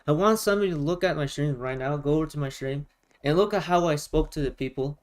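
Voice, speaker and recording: A man talking casually on a live stream while gaming, in a loud, projecting voice, often repeating himself for emphasis. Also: on the high side, fast, low-quality recording.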